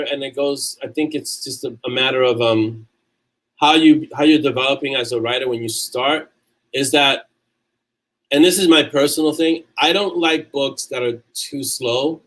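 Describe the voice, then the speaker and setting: A man's voice: on the high side, a bit bright, poor audio. Chatty New York man hosting a livestream. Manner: chatty, reads viewer comments aloud and answers them. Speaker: livestream host answering chat. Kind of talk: casual livestream chat.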